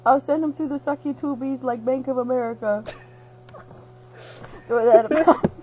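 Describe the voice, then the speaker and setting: A woman's voice: high-pitched, moderate pace, warm tone, low-quality recording. A young woman, half-asleep and giddy, rambling through a silly retelling of a movie, giggling and acting out the characters' lines. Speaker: storyteller.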